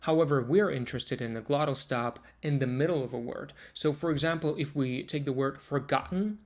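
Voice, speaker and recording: In this pronunciation lesson delivered to camera, a man at medium pitch explains each step and slowly repeats sample words so the sounds come through clearly.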